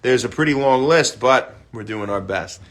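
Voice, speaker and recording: A young man hosting a casual fitness livestream, explaining warm-ups and giving upbeat shout-outs to viewers. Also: medium pitch, normal speed. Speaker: fitness host.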